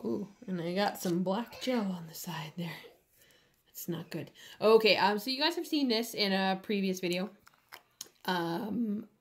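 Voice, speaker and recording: Woman chatting slowly at her nail desk, lots of ums, middle pitch. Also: slight background noise. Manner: slow, chatty, with many fillers. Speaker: nail artist. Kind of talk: casual tutorial chat. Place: home nail studio.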